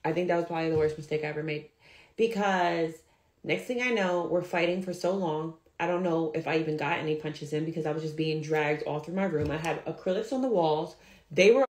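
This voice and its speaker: A woman's voice: deep voice, a little fast. Storytelling woman in an echoey room. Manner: animated, acts out quoted dialogue. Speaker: at-home nail tech. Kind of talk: storytime recounting a client.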